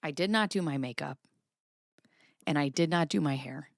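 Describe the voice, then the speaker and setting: A woman in her thirties hosting a commentary show, telling a story in a casual, profane, animated way. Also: low-pitched, moderate pace, creaky, no room sound, studio quality. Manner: profane, expressive, animated retelling.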